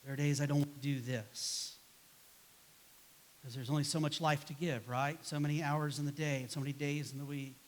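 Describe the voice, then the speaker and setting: A pastor preaches in church with a voice on the high side, steady in tone and at a moderate pace. He keeps it casual and conversational, acting out grumbling replies with a sigh to drive home his points.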